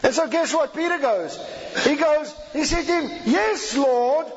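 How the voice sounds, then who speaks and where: A man's voice: extremely high pitch, expressive, moderate pace. A man preaching a sermon who teaches step by step and keeps checking in with his listeners. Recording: dull audio with long hall reverb.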